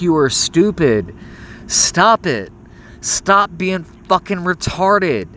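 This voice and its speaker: A man's voice: high voice, fairly bright tone, a little hiss or hum. A young man in a rambling, profane voice message, scolding someone and stammering as he restarts his sentences. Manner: stammers and restarts when heated. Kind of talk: ranting voice message.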